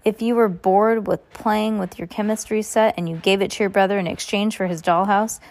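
A woman's voice: medium pitch, steady tone, moderate pace, a little mellow. A woman reading a chapter of a children's novel aloud, with small slips and restarts. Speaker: reader.

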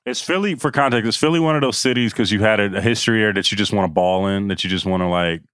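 A man hosting a podcast, jumping in with quick follow-up questions in casual chat. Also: fairly low pitch, fairly bright tone, clear, resonant tone, dry recording, studio quality. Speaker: podcast host.

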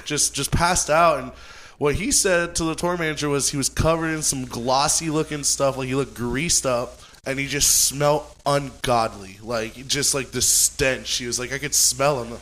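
A man's voice: medium pitch, fairly even intonation, moderate pace, fairly bright tone. Rambling man telling a road story. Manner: loose, rambling, many fillers and restarts. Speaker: guest storyteller, touring crew member. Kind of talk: casual storytelling chat.

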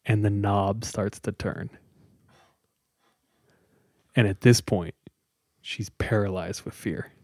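Low-voiced man telling a spooky story. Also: dry recording, clean studio sound. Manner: relaxed, dramatic pauses, many "like"s. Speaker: podcast host telling a story. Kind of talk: casual storytelling.

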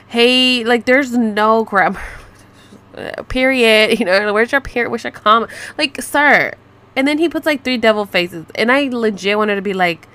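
A woman's voice: on the high side, moderate pace, fairly bright tone. A woman in her thirties ranting casually to camera, sarcastic and swearing freely, with bits of Spanish slang. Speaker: vlogger.

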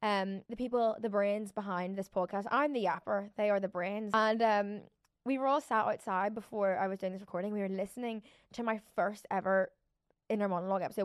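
A woman's voice: mid-range voice, dry recording, studio quality. A woman from Belfast with a Belfast accent, hosting a podcast in a chatty, rambling solo monologue full of "like". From Belfast, Northern Ireland. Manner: chatty, rambling, oversharing, lots of "like". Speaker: podcast host. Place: indoor recording room.

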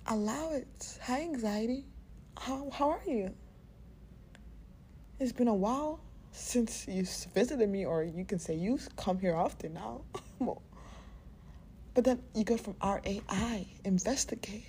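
Candid podcast woman with a mellow voice. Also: medium pitch, measured pace, slight background noise. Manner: candid and profane, with frequent laughs; soft, soothing and half-whispered in places. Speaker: podcast host. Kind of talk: unscripted podcast monologue.

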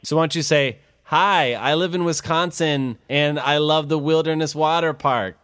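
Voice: medium pitch, normal speed, fairly bright tone, clear, resonant tone, dry recording. Upbeat adult radio host, dry sound. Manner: upbeat, encouraging, laughs easily. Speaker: host interviewing a child author. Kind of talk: casual interview.

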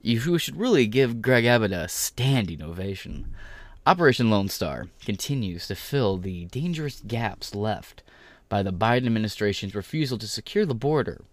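Young guy ranting and swearing, mocking, lowish voice, dry close mic. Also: lively intonation, normal speed, dry recording. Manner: profane, mocking, sarcastic. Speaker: political commentator. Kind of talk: ranting commentary and reading a press release.

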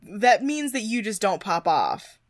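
A young woman co-hosting a podcast, chatting casually and quick to laugh while recapping a reality show. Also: medium pitch, sing-song, no room sound, clean studio sound. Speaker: podcast co-host.

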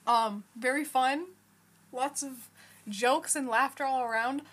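Giggly high-voiced woman podcast host. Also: steady tone, slow, a bit bright, a little hiss or hum. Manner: giggly, teasing, laughs often. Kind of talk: casual chat reacting to a cartoon episode.

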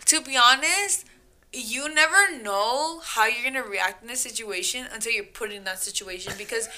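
A young woman telling a party story in a casual chat, animated, profane and quick to laugh. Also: a little high.

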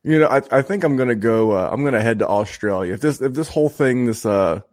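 A chatty man from Indiana opens his fantasy football podcast, joking and restarting his sentences as he goes. His voice sits at a middle pitch. It is recorded close and dry, with no room sound. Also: expressive, quick pace, darkish tone, dry recording. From Indiana, USA. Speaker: podcast host. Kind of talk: casual podcast intro.

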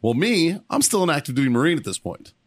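A man co-hosting a podcast, telling a profane story in a casual, animated way and acting out the shouting in it. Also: fairly high pitch, quick pace, dry recording. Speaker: podcast co-host.

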